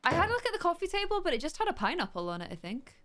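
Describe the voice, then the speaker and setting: A young woman hosting a let's play, chatting curiously and reading game text aloud slowly as she thinks. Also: very high voice, big pitch swings, pushed and bright, slight background noise.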